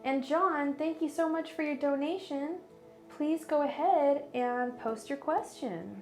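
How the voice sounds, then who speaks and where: A woman's voice: sits high, a little slow, soft background music. A woman doing a casual livestream as a tarot reader, talking in a bubbly, gushing, giggly way with lots of fillers.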